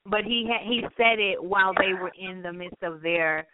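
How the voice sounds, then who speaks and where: A woman's voice: mid-range voice, moderate pace. Giggly woman on a tinny phone line. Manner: giggly, laughs often. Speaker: radio show co-host. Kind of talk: casual chat.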